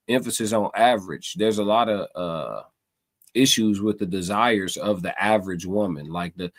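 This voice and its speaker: A man hosting a live stream, talking casually to his chat in a loose, meandering way, repeating himself and searching for words. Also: on the low side. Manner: loose and meandering, many fillers and repeated phrases.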